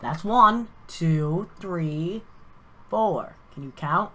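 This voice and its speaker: Tired, profane woman streamer, low voice. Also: expressive, drawn-out words, a little hiss or hum. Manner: frustrated, profane, muttering then shouting. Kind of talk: live stream commentary.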